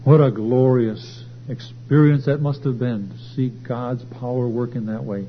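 A man's voice: steady tone, measured pace. Emphatic preacher man, lo-fi hum. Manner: emphatic, swells louder and higher on key points. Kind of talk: sermon. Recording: dull lo-fi recording with faint hum.

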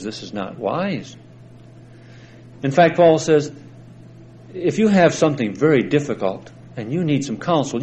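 A man preaching a sermon, explaining scripture slowly and deliberately and stressing the verses he quotes. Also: medium pitch, warm tone, a little hiss or hum, poor audio. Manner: slow, deliberate Bible exposition with emphatic scripture quotes.

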